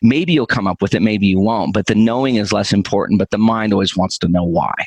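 A man with a lowish voice hosts a podcast, thinking out loud in a relaxed, conversational way. The sound is dry and close, with little room in it. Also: fairly quick, husky, no echo, rough recording. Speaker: podcast host.

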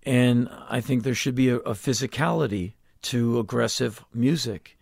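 A musician in his fifties, a guest on a casual interview in a garage home studio, tells stories bluntly and intensely, often restarting his sentences. His gravelly voice is mid-range and moves at a normal speed, captured as a dry, clean studio recording.

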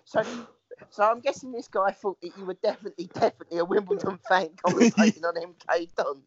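A teasing man in casual podcast chat, his voice a touch high. He is recorded on a dead-dry, dull and lo-fi line. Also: fast, no echo.

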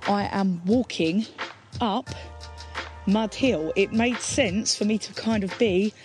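An Essex woman in her thirties talks casually and reflectively about her own poem, slightly out of breath as she makes her way up a grassy hill. Her manner is chatty and self-deprecating, and music plays clearly behind her. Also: mid-range voice, slow. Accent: Essex English. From Essex, England. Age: 30s. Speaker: spoken word poet. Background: background music.

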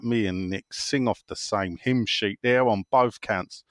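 A man's voice: on the low side, a little slow, dry recording. A man hosting a casual football chat show, reading out listener messages with wry, teasing asides and frequent self-interruptions. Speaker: football phone-in host.

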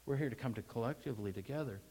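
A man preaching a Sunday sermon, talking with the congregation more than at it. He asks them questions and then rises into loud, emphatic bursts before settling back down. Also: mid-range voice, rapid-fire, a little hiss or hum, rough recording. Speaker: pastor.

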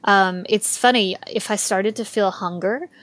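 A woman talking as a podcast guest in an easy, candid way. Her pitch sits in the middle, and she fills her talk with ums and light laughter. The sound is dry and close. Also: unhurried, fairly bright tone, no room sound. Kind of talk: casual interview chat.

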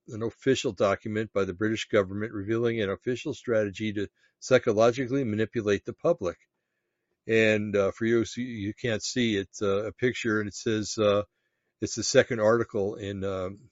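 A man casually talking through a web page on screen, pausing often with ums and restarts. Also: lowish voice, steady tone, dry recording. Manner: halting, many ums and restarts. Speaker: vlogger reading a web page aloud. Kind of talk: casual screen-share commentary. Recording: dull, lo-fi, dry sound.

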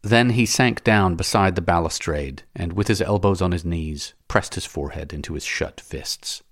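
A man reading a classic novel aloud as an audiobook narrator, in a measured, dramatic way. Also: low-pitched, no room sound, studio quality.

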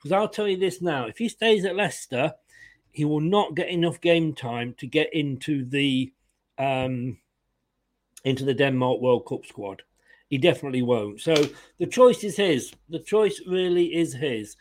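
Chatty football fan streamer. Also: male voice, on the high side, a little slow. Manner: chatty, opinionated, laughs often, greets viewers. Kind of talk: casual live-stream chat.

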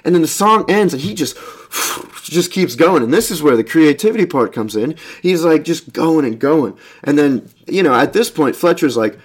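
A man's voice: fairly high pitch, expressive, normal speed, breathy edge. A young man casually retelling a film's plot, rambling and swearing, with lots of fillers and restarts, acting out the characters' lines and humming drum beats. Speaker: film commentator.

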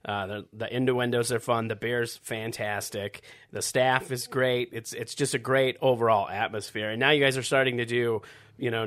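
A man's voice: mid-range voice, a bit bright. A man hosting a casual podcast interview, friendly and enthusiastic, often restarting his sentences. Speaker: podcast host.

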